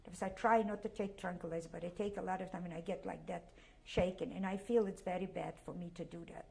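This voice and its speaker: A woman's voice: on the low side, fairly even intonation, creaky, mellow. Older woman with a Polish accent. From Poland. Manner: halting, emotional, repeats herself. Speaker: interviewee. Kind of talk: oral history interview.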